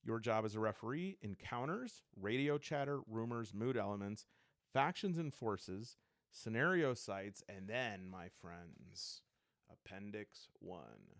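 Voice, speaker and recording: A man's voice: fairly low pitch, expressive, a little slow, fairly bright tone, dry recording, studio quality. A man casually flipping through and reviewing a tabletop game book, rambling and thinking aloud with enthusiasm.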